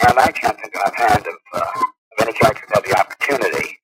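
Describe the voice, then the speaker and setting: A middle-aged actor speaking in a measured, articulate way with frequent pauses, heard over a noisy phone line on an old radio broadcast. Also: male voice, on the low side. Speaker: actor guest. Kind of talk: phone interview. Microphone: telephone.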